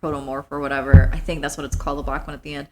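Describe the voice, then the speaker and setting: A woman's voice: a bass voice, rapid-fire, slight background noise. A young woman co-hosting a podcast, chatting casually and chiming in with quips and agreement. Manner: animated, chimes in with agreement and quips. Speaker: podcast co-host. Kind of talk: casual film chat.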